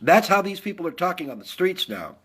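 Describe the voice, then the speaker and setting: A man's voice: high voice, very animated, a little fast, fairly bright tone, breathy edge. A middle-aged man from the United States, a Navy veteran, giving a heated, blunt political rant and repeating his points.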